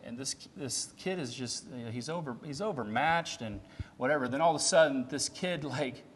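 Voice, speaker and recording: A man preaching a sermon in a conversational way, often checking in with "right?" and swinging between loud and soft. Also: mid-range voice, normal speed, a little hiss or hum. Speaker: pastor. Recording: long hall reverb.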